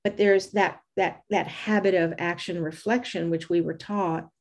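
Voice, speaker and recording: An older woman with a Southern American accent, speaking slowly and thoughtfully as an interview guest. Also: on the low side, steady tone. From United States. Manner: measured, slow, thoughtful delivery. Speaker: yoga teacher, interview guest. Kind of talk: reflective conversational interview.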